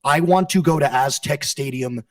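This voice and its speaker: A man's voice: a little high, normal speed, no echo. A man answering press questions as a wrestling champion, brash and profane, bragging with heavy sarcasm. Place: press conference room. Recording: dry sound from a distant mic.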